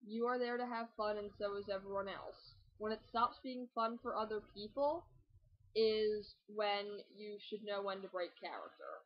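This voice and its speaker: A woman's voice: mid-range voice, steady tone, moderate pace, muffled recording. A young woman vlogger giving casual cosplay advice in a chatty, joking way with rambling asides. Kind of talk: casual tutorial talk.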